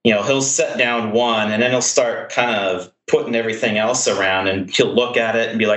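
Lower-voiced man, hesitant, roomy echo. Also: steady tone, fairly quick, few pauses, a bit bright. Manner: hesitant, full of ums and restarts, self-deprecating. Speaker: podcast guest, tournament player. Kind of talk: casual podcast chat.

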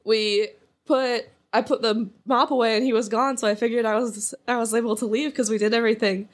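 A woman's voice: a little high, fairly even intonation, fairly quick. A young woman co-hosting a casual chat podcast, telling rambling stories with lots of fillers and restarts, giggling as she goes. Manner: giggles through her stories. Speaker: podcast co-host.

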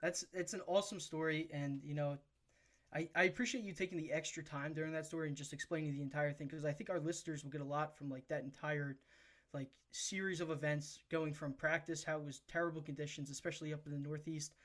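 Male podcast host, quick talker, slightly high voice, upbeat and affirming. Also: fairly even intonation, a bit bright. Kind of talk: casual interview chat.

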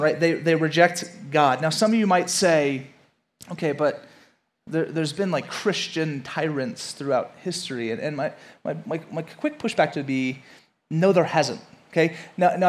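Casual preacher, man, high-pitched, chatty, restarts words, talks straight to the congregation. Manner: conversational, repeats words, asks listeners. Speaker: pastor. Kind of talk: casual sermon.

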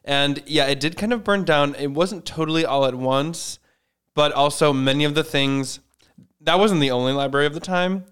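A man's voice: fairly high pitch, moderate pace, fairly bright tone, clear, resonant tone. A man co-hosting a podcast in casual chat, jokey and laughing often, trailing off mid-sentence. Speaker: podcast co-host.

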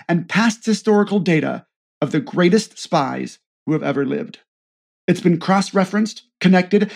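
A man's voice: high voice, creaky, darkish tone, heavily acted. A man voicing a stern female spy agency director who speaks curtly and commandingly. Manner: curt, commanding.

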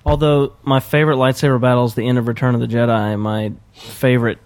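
A man's voice: medium pitch, flat delivery, quick pace, a little mellow. A man co-hosting a podcast in casual chat, rambling and hesitant, often trailing off. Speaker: podcast co-host.

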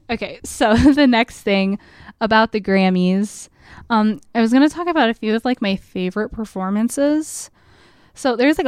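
A woman's voice: medium pitch, clear, resonant tone, dry recording. A young adult woman hosting a podcast from a college radio studio, rambling casually with constant "like" fillers and frequent laughs. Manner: chatty, filler-heavy with frequent "like", laughs often. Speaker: podcast host.

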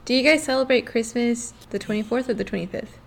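Giggly woman, higher voice, casual chat. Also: fast talker, gravelly. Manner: laughs often, chatty with many fillers. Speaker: podcast co-host.

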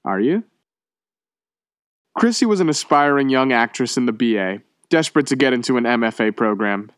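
A male reader narrating a short story in a measured, steady way. He is recorded close and dry, with an even middle pitch. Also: clean tone, no room sound. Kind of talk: audiobook reading.

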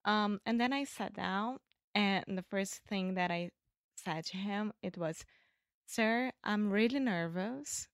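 A woman's voice: medium pitch, fairly even intonation, measured pace, clean tone, no room sound, clean studio sound. A woman with a Brazilian Portuguese accent telling a story in English as a student, hesitant and searching for her words. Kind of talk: casual storytelling.

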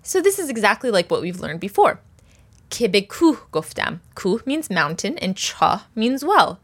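A woman leads a language lesson in a mid-pitched voice. She is patient and methodical, and she slows down to repeat each word for her learners. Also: very animated. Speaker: language teacher.

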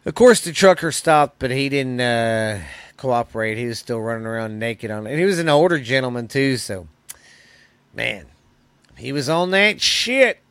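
A man's voice: medium pitch, animated, normal speed, a bit bright, clear, resonant tone, dry recording. A man hosting a podcast, telling news stories in a loose, profane, rambling way. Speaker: podcast host. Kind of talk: casual podcast chat.

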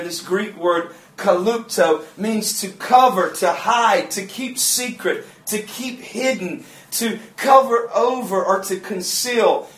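A male pastor, preaching and retelling a story with animated, shouted peaks. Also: sits high. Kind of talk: sermon. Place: church sanctuary. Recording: roomy church echo.

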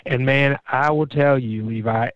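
A middle-aged man from Florida, a pastor, telling his faith stories in an earnest, animated way in a conversational interview. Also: a little slow, no echo. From Jacksonville, Florida. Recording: dull, dry low-fi sound.

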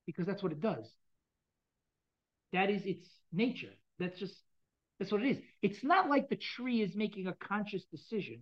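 A woman's voice: mid-range voice, lively intonation, moderate pace, dull audio. A woman teaching a text lesson to a class, explaining and often asking the students if they follow. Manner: explanatory, asks the class questions. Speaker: Torah teacher.

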